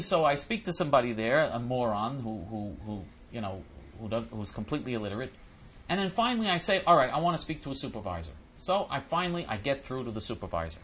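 A man's voice: a little high, fairly bright tone, husky. A man hosting a show, ranting indignantly and stammering over repeated words while he answers listener questions. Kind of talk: ranting monologue.

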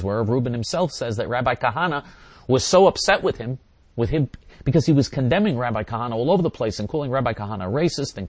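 A man's voice: mid-range voice, darkish tone, no room sound. An older man hosting a talk radio show, answering listeners in an emphatic, repetitive monologue. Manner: emphatic and repetitive, hammering points again and again.

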